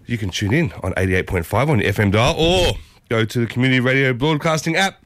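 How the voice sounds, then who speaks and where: Exuberant Australian radio host, slightly husky. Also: male voice, mid-range voice, expressive, quick pace, a bit bright, dry recording, studio quality. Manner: exuberant, playful, jokey catchphrases. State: slightly husky from a sore throat. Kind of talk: breakfast radio show hosting. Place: community radio studio. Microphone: studio microphone.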